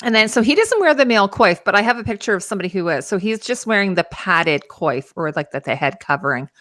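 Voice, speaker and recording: Woman host with a bright tone and dry sound; chatty explainer with many fillers. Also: medium pitch, big pitch swings, fast, no room sound. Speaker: costume show host. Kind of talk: casual chat.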